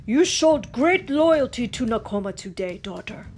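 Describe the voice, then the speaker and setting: A woman's voice: a little high, sing-song, unhurried, darkish tone, faint music behind. A woman reading a storybook and voicing a proud older chief speaking steadily to his daughter. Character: proud older male chief, warm father.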